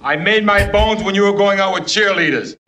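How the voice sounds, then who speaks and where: A man putting on a menacing gangster boss from an old film, with a high, bright voice that comes at the listener as a challenge. The line is quoted for laughs in the middle of a radio show. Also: brisk. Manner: quoting a movie line in an impression.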